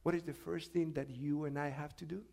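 A man preaching a sermon, swinging between loud, urgent outbursts and hushed asides, and asking the congregation questions. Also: a little high, steady tone, brisk, creaky. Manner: asks the congregation questions and has them repeat.

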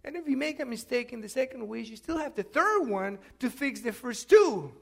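A man preaching a sermon in a strikingly high voice with a gravelly edge. He drops to hushed, thoughtful lines, then climbs into loud, insistent questions aimed at his listeners. The delivery is rhetorical and call-and-response in feel. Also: expressive, normal speed. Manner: swings from quiet musing to loud emphatic questioning of the congregation.

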